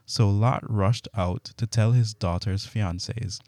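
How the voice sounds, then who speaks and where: Low, mellow male scripture reader. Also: fairly even intonation, unhurried, hardly any pauses, dry recording. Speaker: Bible reader. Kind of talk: steady scripture reading.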